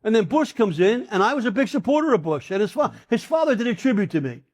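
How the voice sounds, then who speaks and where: Older man, high-pitched voice, emphatic, indignant, interview guest. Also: very animated, fast. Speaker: former congressman, guest.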